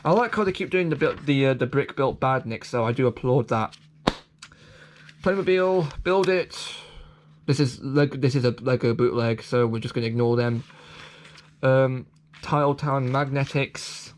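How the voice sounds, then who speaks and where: A man's voice: mid-range voice, moderate pace, slight background noise. A man rambling through a toy catalogue in casual commentary, stumbling over restarts and throwing in self-deprecating asides. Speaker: vlogger reviewing a toy catalogue.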